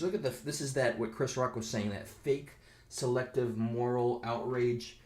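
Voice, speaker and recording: A man's voice: mid-range voice, normal speed, a little mellow. Rambling sarcastic man ranting to camera. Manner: rambling, sarcastic, reads comments aloud with mocking voices. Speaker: video commentator. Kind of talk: casual reaction rant.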